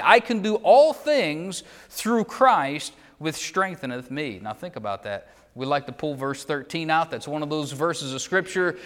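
Male preacher, higher voice, emphatic and repetitive delivery, loud to hushed, long hall reverb. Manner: emphatic, repeats phrases, swings between loud and hushed. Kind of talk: sermon.

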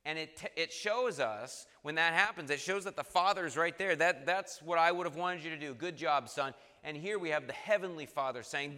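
Earnest male preacher, bright voice, reverberant hall. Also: on the high side. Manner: earnest, halting restarts, reads scripture aloud. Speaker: pastor. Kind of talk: sermon.

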